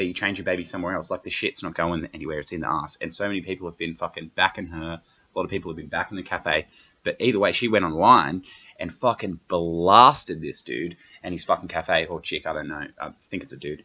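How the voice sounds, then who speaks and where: A young Australian man with a very deep but sharp, bright voice hosts a solo comedy podcast. He rambles and swears nonstop in a brash, offhand way, and the recording sounds slightly dull and lo-fi. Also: fairly quick, husky. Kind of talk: profane solo podcast rant.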